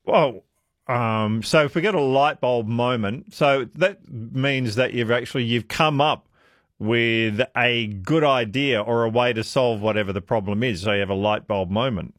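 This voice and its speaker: A man's voice: mid-range voice, measured pace, a bit bright, no echo. A man hosting talkback radio, chatty and musing aloud with strings of questions into a studio mic. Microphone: studio microphone.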